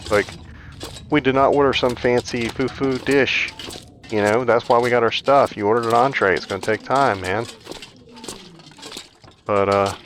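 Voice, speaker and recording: A man's voice: fairly low pitch, fairly bright tone, slight background noise. A man hosting a gaming video, telling a rambling, chatty story while he plays, full of "like" fillers. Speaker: gaming channel host. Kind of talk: casual storytelling over gameplay.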